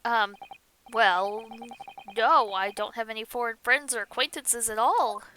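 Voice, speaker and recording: A woman's voice: fairly high pitch, fairly even intonation, unhurried, sharp tone, a little hiss or hum. A woman reading the lines of a flustered young male lawyer, hesitant and confused, in her own voice. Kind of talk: reading game dialogue aloud.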